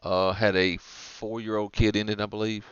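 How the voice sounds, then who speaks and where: A man's voice: lowish voice, level tone, normal speed, smooth, no echo, highs cut off. A man with a Southern American accent co-hosting a casual comedy podcast, rambling through stories and acting out the people in them. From Southern United States. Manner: rambling storyteller, acts out characters with big voices. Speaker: podcast co-host.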